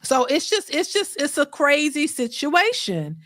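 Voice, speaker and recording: A woman with a high voice talks straight to her viewers in a casual, blunt way. She lectures them with emphasis and mocks others by quoting them. Her voice sounds close and dry. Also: big pitch swings, unhurried, a bit bright, no echo. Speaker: reaction channel host. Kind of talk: casual commentary to a live chat.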